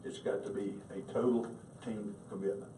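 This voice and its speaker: A man's voice: lowish voice, little pitch movement, moderate pace, mellow, a little hiss or hum. A man from North Carolina with a Southern US accent, giving a rousing speech as a candidate for national commander. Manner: rhetorical questions, rousing. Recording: echoey hall, distant mic.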